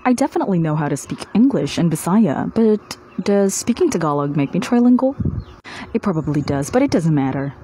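Lively woman, noisy recording. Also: fairly low pitch, brisk. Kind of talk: casual selfie-video chat.

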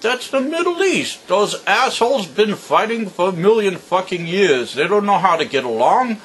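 A foul-mouthed, impatient male genie fresh out of his bottle, put on by an old man telling a joke. He swears bluntly in a pitch that sits above the teller's own and swings widely. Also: very animated, normal speed, a bit bright, a little hiss or hum. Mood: exasperated.

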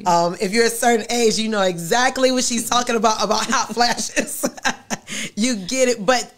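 A woman's voice: a little high, normal speed. A woman pastor hosting an interview, encouraging and affirming her guest as she asks questions. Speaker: pastor and show host.

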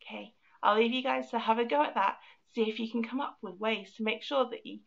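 A woman's voice: fairly high pitch, fairly even intonation, brisk, creaky, dull audio. A woman teaching an online music class for young children, counting beats aloud and encouraging them.

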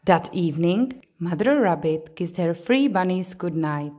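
A woman narrating a bedtime story in a gentle, expressive read-aloud manner. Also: lowish voice, measured pace, few pauses.

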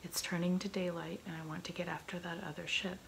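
A woman's voice: on the low side, flat delivery, fast, vocal fry, a little hiss or hum, low-quality recording. A woman whispering a vain, short-tempered male pirate captain in a whispered role-play. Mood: gruff.

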